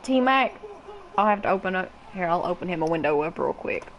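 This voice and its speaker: A woman's voice: fairly low pitch, lively intonation, a little fast, a little hiss or hum, poor audio. A woman in her twenties with a Kentucky accent, chatting casually and cussing freely while streaming a game and greeting viewers. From Kentucky, USA. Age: 20s. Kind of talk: casual gaming stream chat.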